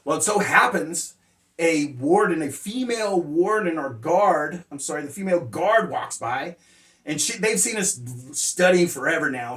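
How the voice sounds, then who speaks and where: A man's voice: on the high side, expressive, normal speed, a bit bright. Rambling man, distant and roomy. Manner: rambling, frequent "uh" fillers, blunt and profane. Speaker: motivational speaker sharing life lessons. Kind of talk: casual personal storytelling. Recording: roomy sound, distant mic.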